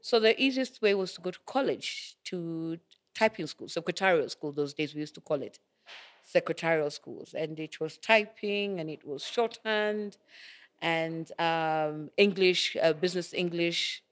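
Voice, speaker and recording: A middle-aged Kenyan woman, a guest in an interview, tells stories in a chatty, casual way, laughing often and acting out quoted dialogue. Her voice is fairly low and her pace measured.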